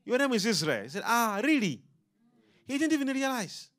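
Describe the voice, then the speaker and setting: A man preaching a sermon to a congregation, animated and full of call-and-response questions. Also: very high-pitched, normal speed.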